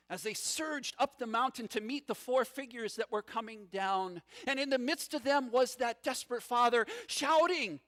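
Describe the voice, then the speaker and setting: A man preaching a sermon as a first-person story, dramatic, swinging from loud passages to hushed, low ones. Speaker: pastor.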